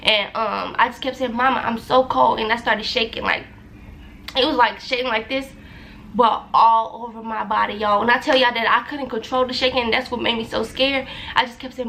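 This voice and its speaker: A young woman vlogger tells her viewers a personal story, talking loosely and repetitively and calling them "y'all." Her slightly high voice is sharp, fairly even in intonation, and at normal speed, with a little hiss or hum.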